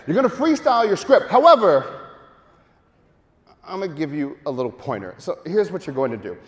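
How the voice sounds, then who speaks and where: A man giving a lively marketing seminar to a live audience, joking and urging the crowd to take part. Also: sits high, normal speed. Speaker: speaker at a marketing event. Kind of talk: energetic live seminar talk. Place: large hall with audience. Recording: long hall reverb.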